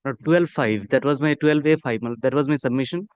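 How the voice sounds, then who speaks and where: A man's voice: medium pitch, fairly quick, clear, resonant tone, no echo, lo-fi sound. A man, an advocate making submissions in a formal, deferential manner.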